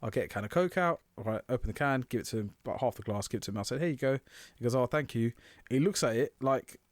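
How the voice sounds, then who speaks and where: Male co-host, mid pitch, dry close mic, sweary storyteller with animated quotes. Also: very fast, no echo. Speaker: podcast co-host. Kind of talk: casual chat.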